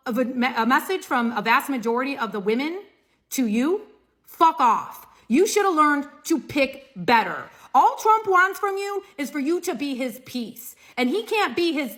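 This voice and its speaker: High, bright woman mocking sarcastically. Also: very animated, measured pace. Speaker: social media commentator. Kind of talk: satirical monologue to camera.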